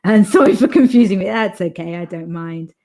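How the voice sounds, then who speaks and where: Casting note: young woman, author host, chatty and rambling, relaxed stream talk. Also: on the low side, brisk. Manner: chatty, rambling with fillers and restarts. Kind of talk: casual chat reading live comments.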